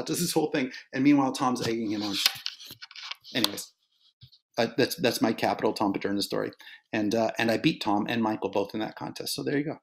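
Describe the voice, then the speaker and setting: A middle-aged man giving a casual, story-filled talk as a dance instructor, animated and chatty with frequent restarts and fillers. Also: mid-range voice, a little fast. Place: home set-up for an online event.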